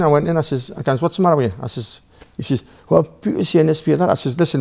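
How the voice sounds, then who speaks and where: Geordie man, guest on a podcast, gravelly voice, rambling, profane storyteller who quotes both sides of a row. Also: fairly high pitch, quick pace, hardly any pauses, a little mellow. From Newcastle, England. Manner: rambling, swearing, acts out dialogue. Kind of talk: casual storytelling.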